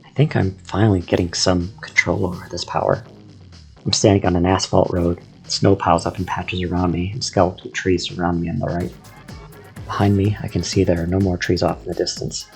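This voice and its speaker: A man narrates a first-person story in a measured, descriptive way. His voice is low and gravelly, with faint music playing underneath. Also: level tone, darkish tone.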